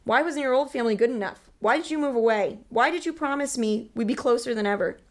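A woman's voice: mid-range voice, fast talker, vocal fry, natural voice. A woman reading out the lines of an angry, hurt teenage girl, close to her own voice. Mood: pleading. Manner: reads aloud with little acting.

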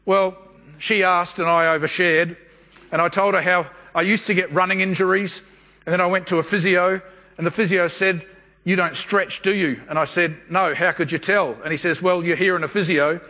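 A man's voice: high-pitched, fairly even intonation, moderate pace, pushed and bright. A man preaching a sermon as a pastor, talking. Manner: conversational storytelling preacher. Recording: long hall reverb.

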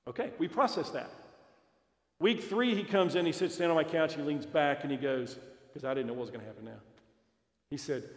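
A man speaks at a parent seminar and tells stories while acting out each side of the dialogue. His voice is gravelly. It rings with the long reverb of a hall. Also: fairly high pitch, lively intonation, moderate pace, long pauses. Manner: storytelling, acts out dialogue. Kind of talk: seminar talk with anecdotes.

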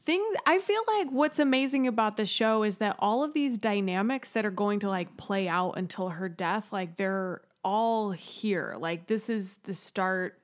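A woman's voice: medium pitch, expressive, a little slow, few pauses. A woman co-hosting a podcast, chatting casually and sometimes restarting her sentences. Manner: conversational, hesitant restarts. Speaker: podcast co-host. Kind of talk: casual chat.

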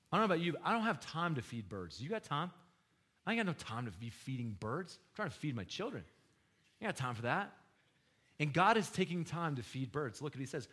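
A man's voice: fairly high pitch, sing-song, fairly quick, pushed and bright, slightly rough. Male preacher, casual sermon delivery with quips and questions to the room. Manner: conversational, joking with the congregation. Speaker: pastor.

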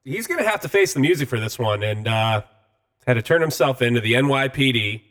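A male podcast co-host with a relaxed, profane way of talking. He drawls through casual chat and tacks "man" onto the ends of his lines. His voice sits at an average pitch for a man. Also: fairly quick. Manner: laid-back and profane, ending lines with "man".

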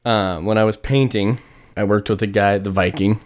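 A man's voice: fairly low pitch, steady tone, fairly quick. A man co-hosting a podcast, chatting casually and telling stories with acted-out voices. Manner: storytelling, acts out phone calls in put-on voices. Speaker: podcast co-host. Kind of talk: casual chat.

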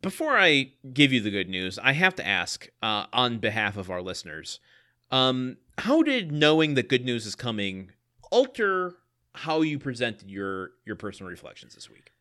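Bright-voiced male podcast co-host. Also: mid-range voice, big pitch swings, moderate pace. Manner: chatty, hesitant with ums, teasing. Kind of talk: casual chat.

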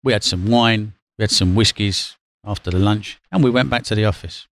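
Man telling lively trading-floor stories. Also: lowish voice, a little fast, no echo. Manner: lively, acts out quotes, laughs while telling. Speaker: guest, former bond trader. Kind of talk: casual anecdotal storytelling.

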